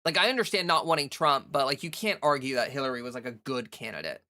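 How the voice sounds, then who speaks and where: A woman's voice: a bass voice, animated, quick pace, bright, forceful tone. A woman hosting a casual livestream from home, chatting loosely with many "like" fillers and answering viewers' chat. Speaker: livestream host.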